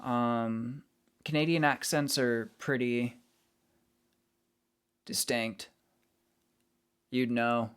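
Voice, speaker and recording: A man's voice: medium pitch, fairly even intonation, extremely slow, pauses often, a bit bright, smooth. A man streaming, chatting casually with his viewers and greeting them as he reads the chat. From United States.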